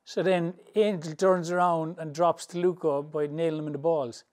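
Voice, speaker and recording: A boxing trainer from England spins casual, rambling anecdotes with a slightly raised pitch. He talks loosely and colloquially and laughs easily through his stories. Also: fairly even intonation, moderate pace, darkish tone. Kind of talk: storytelling interview answers.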